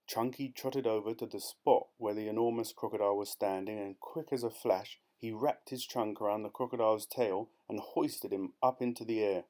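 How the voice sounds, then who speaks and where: A man narrates a children's storybook audiobook in a fairly low voice. His reading is lively and expressive, building with the action. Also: normal speed. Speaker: audiobook reader.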